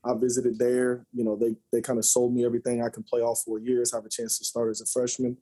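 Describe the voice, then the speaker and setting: A man in his forties, a former college basketball player, telling lively, joking stories as a podcast guest. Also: medium pitch, fast talker, breathy edge. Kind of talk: storytelling interview chat.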